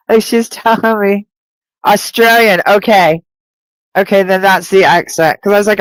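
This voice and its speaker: A woman giving a psychic spirit reading on a live stream. She talks in a chatty, rambling way, full of filler words, at a middle pitch. The sound is dry and close. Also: steady tone, unhurried, long pauses, dry recording, rough recording. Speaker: psychic medium.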